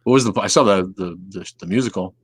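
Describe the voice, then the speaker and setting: A man's voice: lowish voice, quick pace, no echo. A man hosting a casual livestream, reading viewer comments and rambling profanely, often trailing off into mumbles. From Southeast Wisconsin. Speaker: livestream host.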